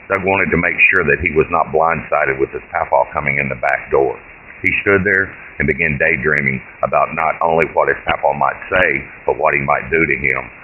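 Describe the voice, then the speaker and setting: Deep-voiced guy reading his own short story, steady and plain, tinny phone-line sound. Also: a little hiss or hum. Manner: plain, measured narration.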